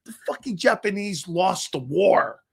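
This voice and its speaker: A middle-aged man hosting a sports talk show, telling a profane, animated story and acting out the other voices. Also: high-pitched, a little slow, vocal fry, slightly rough. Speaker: sports talk radio host.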